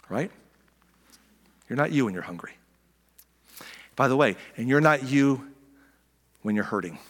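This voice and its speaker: A middle-aged man preaching a sermon as a pastor, animated, acting out voices and dropping to soft near-whispers for emphasis. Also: mid-range voice, long reverb tail.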